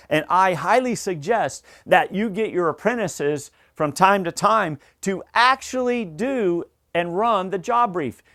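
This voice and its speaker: A middle-aged man giving an emphatic, coach-like safety training talk, repeating key points. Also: sits high. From Southern United States. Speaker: safety instructor.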